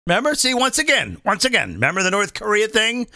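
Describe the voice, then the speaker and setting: A man's voice: sits high, wildly swooping pitch, a little fast, vocal fry, pushed and bright, no echo, studio quality. A male comedian hosting, delivering a profane, combative political rant and often asking the audience to agree. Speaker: comedian host.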